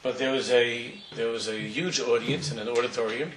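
A middle-aged rabbi with a mid-range voice tells a story during a sermon, keeping a steady tone and moderate pace. His delivery is conversational and digressive, full of restarts. He's recorded from far off in a roomy hall, with noise in the background.

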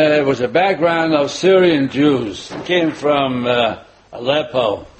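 Older rabbi giving a sermon, hesitant and anecdotal, fairly high-pitched man, light noise behind. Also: rough recording. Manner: rambling, many filler pauses, chuckles at own jokes.

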